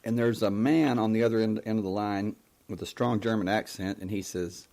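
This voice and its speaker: A man telling a personal story in a casual, halting way on a live talk show, full of fillers and restarts. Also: on the low side, steady tone, a little mellow.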